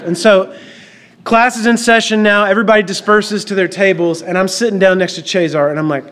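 A man with a fairly high voice delivers a sermon. He opens in a soft, slow prayer and then tells a story, acting out the dialogue with energy. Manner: animated storyteller, acts out dialogue. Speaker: pastor.

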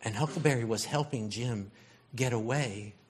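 A man's voice: mid-range voice, moderate pace. A man giving a conversational sermon, telling stories in a loose, rambling way with lots of fillers. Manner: rambling, storytelling, frequent fillers. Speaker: preacher.

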